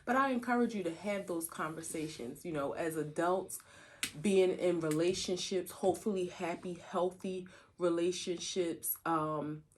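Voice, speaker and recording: A woman's voice: fairly low pitch, a little slow, a little hiss or hum. A woman co-hosting a podcast, chatting candidly with her husband and laughing often. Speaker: podcast co-host. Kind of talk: casual chat.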